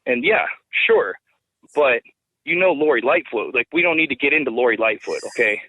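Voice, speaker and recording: A man's voice: medium pitch, lively intonation, fairly quick, bright, forceful tone, no echo. A man calling into a show, arguing defensively with fillers and hedges. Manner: defensive, hedging. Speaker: caller. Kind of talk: call-in debate. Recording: tinny phone line.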